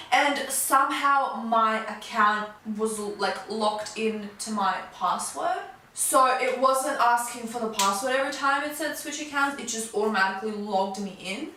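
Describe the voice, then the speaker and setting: Young woman vlogger, high and animated, storytime rant, echoey room, mic a bit far off. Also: slight background noise. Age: 20s. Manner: animated, fast-talking, swings from low mutters to high outbursts. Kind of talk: storytime vlog, casual chat.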